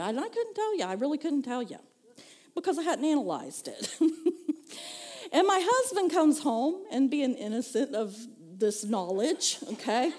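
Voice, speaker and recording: A woman's voice: sits high, big pitch swings, a little slow, darkish tone. A woman pastor, preaching a conversational sermon, telling stories and laughing often. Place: church.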